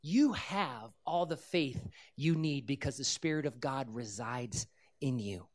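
Animated preacher acting out a story. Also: medium pitch, unhurried. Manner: animated storyteller who acts out the characters' lines; earnest, direct teaching. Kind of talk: sermon with storytelling.

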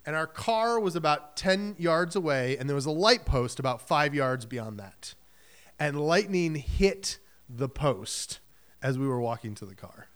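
A pastor from Michigan giving a sermon in a conversational way, acting out quoted voices and often saying "like" and "right?". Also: male voice, a little high, a bit bright, clear, resonant tone.

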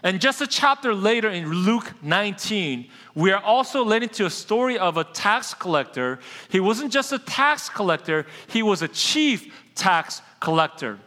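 A man's voice: high-pitched, sing-song, moderate pace, few pauses, bright, forceful tone, big-room sound. A male pastor preaching a casual, conversational sermon and speaking directly to his congregation with questions.

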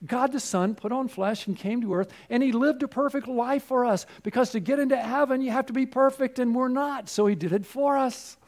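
Man, high voice, pastor preaching, earnest repeated refrains, direct appeals. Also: brisk, hardly any pauses, a little mellow. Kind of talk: sermon.

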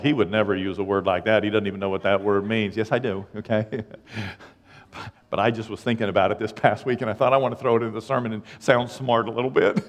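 A man preaching a sermon as pastor, acting out dialogue with lively asides. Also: mid-range voice, long reverb tail. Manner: animated, acts out dialogue, self-deprecating asides. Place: church sanctuary.

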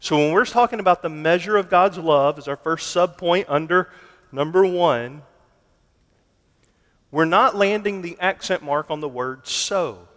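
A man preaching with a slightly high voice, slow and deliberate, leaning hard on single words. His sermon rings out with a long hall reverb behind it. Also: fairly bright tone. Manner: deliberate, emphatic preaching with dramatic slowdowns.

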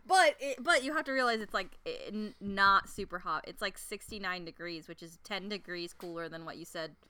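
A woman's voice: medium pitch, moderate pace, pushed and bright. A young woman co-hosting a podcast in casual chat, giggly and teasing. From United States. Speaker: podcast co-host.

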